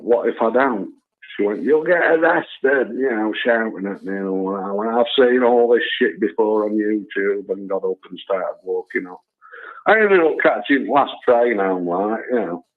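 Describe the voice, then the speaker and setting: A man calling in to a talk show, telling a rambling story full of "you know" and "and all that". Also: fairly low pitch. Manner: chatty, lots of filler tags like "you know" and "and all that". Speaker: phone-in caller. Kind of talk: rambling anecdote on a call-in show. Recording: tinny phone line.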